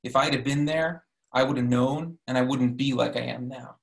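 A grim, drawling killer from a short story, as a man reads his lines aloud. The voice is gravelly and creaky. The tone is flat and level. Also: medium pitch, moderate pace, natural voice.

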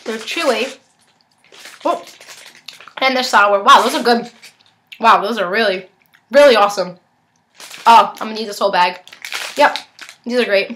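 Bright-voiced young woman vlogger. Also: fairly high pitch, normal speed, pauses often, slight background noise. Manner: chatty, talks while chewing. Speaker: vlogger reviewing snacks. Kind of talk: casual snack unboxing review.

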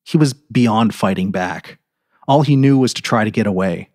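Low-voiced man reading a dark story. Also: no room sound, clean studio sound. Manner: intense, measured, dramatic pauses. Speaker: narrator.

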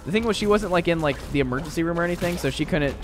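A man's voice: on the high side, lively intonation, rapid-fire, over music. A young man streaming a game, chatting casually with viewers and rambling with lots of fillers. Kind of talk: casual live-stream chat.

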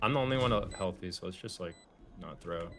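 Deep-voiced man on game voice chat. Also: brisk, a little hiss or hum. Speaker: teammate on voice chat. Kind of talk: casual gaming voice chat.

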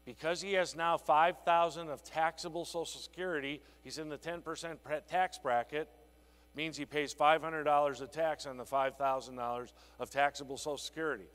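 Animated man telling a sales story in a hall. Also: a little high, brisk. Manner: animated storytelling, acting out a client conversation. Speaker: sales trainer. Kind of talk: conference keynote. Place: conference hall.

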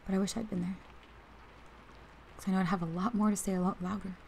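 Whispered role-play: woman playing a protective best friend, warm fry-edged voice, faint hiss. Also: mid-range voice, little pitch movement, fast, close to an everyday voice, poor audio. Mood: angry, protective. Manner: heated then tender, talks straight to the listener. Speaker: ASMR role-play performer.

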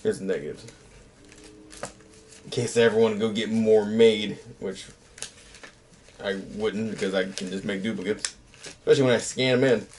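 A man's voice: lowish voice, steady tone, moderate pace, long pauses, darkish tone, slight background noise. A man in his thirties, a YouTuber, chatting casually late at night in a rambling, self-mocking way that often trails off.

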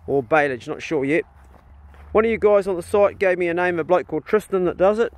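A middle-aged man with a New Zealand accent talking in a casual family vlog on his rural land, blunt and easygoing, calling loudly to his dogs. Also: sits high, fairly quick, no echo. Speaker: vlogger. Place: outdoors on a rural property.

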